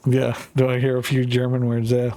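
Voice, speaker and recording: A man's voice: medium pitch, completely flat delivery, brisk, mellow, faint music behind. Rambling, profane Canadian male streamer. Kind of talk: casual chat while gaming.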